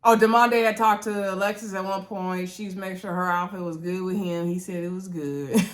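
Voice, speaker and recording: A woman casually recapping a dating show episode, chatty, jumping into a high voice for sassy asides and laughing at her own remarks. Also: steady tone, normal speed. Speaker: reality show recap host.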